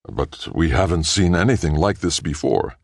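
A man's voice: low voice, animated, normal speed, creaky, dry recording, clean studio sound, exaggerated voice. A man voicing an astonished, urgent professor. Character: excited male professor leading a space mission. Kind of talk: audiobook character voice.

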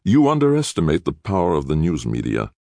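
A man's voice: very deep voice, wildly swooping pitch, fairly quick, creaky, darkish tone, no room sound, pitched above the performer's own voice, heavily acted. A man voicing a tense, commanding man on the run. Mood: urgent. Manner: urgent, commanding.

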